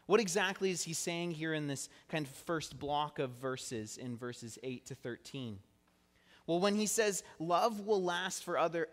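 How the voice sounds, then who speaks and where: A fairly high-voiced male pastor gives an earnest, chatty sermon in a church sanctuary. He keeps the tone personal and gets the congregation to say words back to him. His voice trails off into a long, echoing hall reverb. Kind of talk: conversational sermon.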